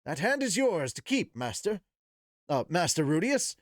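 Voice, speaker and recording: Man voicing a young prince, polite and formal, raised high and lively, dry close mic. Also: normal speed, no room sound. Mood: earnest formal.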